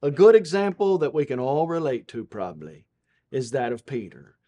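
Delivering an expressive televised Bible lesson, a preacher climbs to forceful highs, then sinks to quiet, gentle tones. He recites scripture with a measured rhythm.

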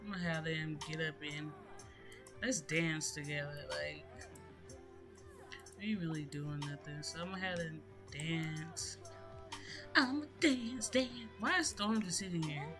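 A woman's voice: deep voice, unhurried, pauses often. A woman giving casual, chatty gameplay commentary in slangy speech, addressing her viewers directly. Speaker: gaming YouTuber. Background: music.

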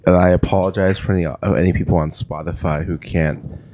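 A man's voice: low voice, steady tone, a little fast, warm tone, no echo. A man co-hosting a casual podcast, teasing and playful. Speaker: podcast co-host. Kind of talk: casual chat.

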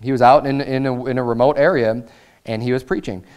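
A man's voice: medium pitch, steady tone, brisk, a little mellow, clean tone. An American man preaching a sermon as pastor, reading scripture aloud and building in intensity.

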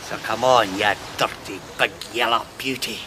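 An actor with a Glaswegian accent playing a middle-aged husband sunbathing, boasting in grand mock-heroic terms. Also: male voice, mid-range voice, steady tone, normal speed, noisy background, lightly acted. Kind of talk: sitcom acting.

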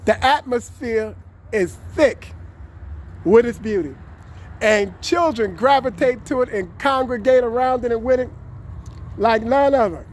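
A man vlogging outdoors on a city street, greeting passing drivers and strangers with effusive, warm words and frequent laughter, repeating his catchphrases. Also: very high-pitched, measured pace, long pauses, a little hiss or hum. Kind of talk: upbeat street vlog. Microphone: camera he films himself with.

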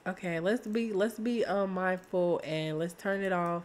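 A woman, chatting excitedly to viewers while playing a life-sim game. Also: on the low side, a little slow, hardly any pauses, slight background noise. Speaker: gaming streamer. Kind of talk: casual let's-play commentary.

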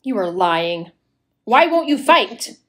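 An actor in a community audio play playing a proud widow, haughty and cutting, then wavering. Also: female voice, mid-range voice, sing-song, slow pace. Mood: scornful. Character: proud young widow, scornful and fiery. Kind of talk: amateur radio play acting.

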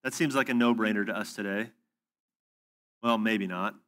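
A man's voice: fairly low pitch, moderate pace, fairly bright tone. A man teaching at a faith conference, telling stories in a casual, conversational way with fillers and asides. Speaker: preacher.

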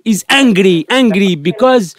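A man's voice: sits high, expressive, a little slow, a crowd in the background. A man with a Tunisian accent making a prank phone call, pleading in broken English and repeating his questions. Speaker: radio prank caller.

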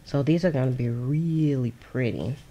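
A low-pitched woman chats away as she crafts at her desk. Her talk is loose and playful, and she often laughs and answers viewers. A faint hiss sits under the recording. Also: normal speed, mellow, highs cut off. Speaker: crafting channel host. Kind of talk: casual crafting livestream chat.

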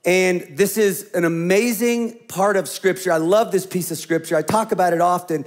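Man, high-pitched, pastor, sermon, animated storytelling, hushed slow emphasis. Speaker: senior pastor.

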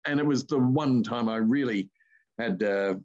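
A man's voice: mid-range voice, moderate pace, lo-fi sound. An older man with an Australian accent, a voice artist telling rambling anecdotes as an interview guest. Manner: rambling anecdotes with lively asides. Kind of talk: casual interview storytelling.

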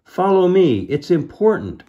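A man voicing a frightened young boy with secret magic powers, speaking high, loud and pleading. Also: very animated, a little slow, lo-fi sound. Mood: distraught.

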